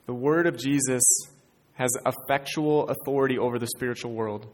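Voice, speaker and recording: A man's voice: medium pitch, steady tone, moderate pace. A man preaching a sermon in an earnest way, building to emphatic peaks. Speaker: pastor. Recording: church hall reverb.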